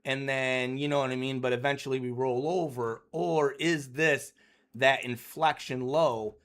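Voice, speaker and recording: A man's voice: medium pitch, steady tone, a little slow, fairly bright tone. Rambling man talking through market charts. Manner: rambling, full of fillers like "you know" and "right?"; clears throat often. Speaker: day trading educator. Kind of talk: casual market commentary over charts.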